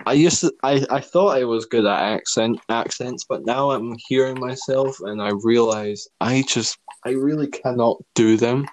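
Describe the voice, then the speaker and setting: A man's voice: mid-range voice, moderate pace, hardly any pauses, a little mellow. A young man chatting casually as a podcast co-host, rambling and hesitant, laughing often. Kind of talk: casual chat.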